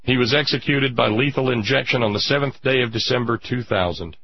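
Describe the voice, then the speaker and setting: A man delivering an impassioned political monologue as a radio commentator, indignant, with drawn-out emphatic pauses. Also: medium pitch, slightly rough, no room sound, muffled recording.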